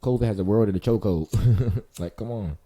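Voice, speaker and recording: This vlog host speaks fast, his voice on the low side with a warm tone. Talking directly to the viewer, he rambles in a loose, slangy and profane monologue to camera.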